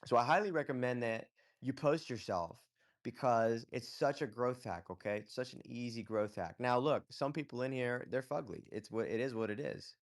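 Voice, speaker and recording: A man's voice: mid-range voice, normal speed. A man hosting a casual live audio chat, giving blunt, profane advice and often checking in with "okay?". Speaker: host.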